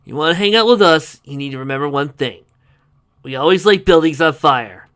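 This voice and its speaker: A brash tomboy barbarian girl who barks her lines, pitched well above a man's voice and pushed hard, as a male reader puts her on. Her tone is bright and sharp, bossy and sarcastic. She sounds like a storybook character. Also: lively intonation, a little fast, smooth. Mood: threatening.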